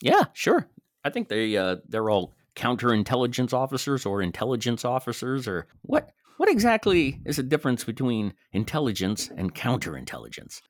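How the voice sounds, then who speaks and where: A man's voice: mid-range voice, huge pitch swings, moderate pace, no echo, studio quality. A man co-hosting a comedy podcast in casual chat, rambling and joking with plenty of fillers. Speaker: podcast co-host.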